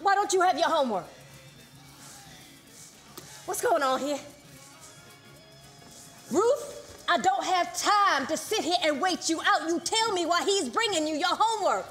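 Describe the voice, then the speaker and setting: A woman's voice: very high-pitched, lively intonation, unhurried, long pauses, a bit bright, faint music behind, heavily acted. An actress playing a stern, exasperated working mother who scolds sharply, speaking on a theater stage. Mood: scolding. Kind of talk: stage play acting.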